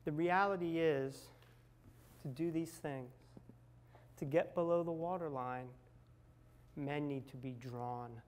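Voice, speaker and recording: A middle-aged man with a somewhat high voice recounts a personal ordeal in a candid, confessional way. He builds tension, then drops to near-whispers at the tense moments. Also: slow, pauses often, smooth. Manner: candid, dramatic retelling with acted quotes and swings from loud to hushed. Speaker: speaker sharing a personal recovery story. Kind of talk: personal storytelling talk.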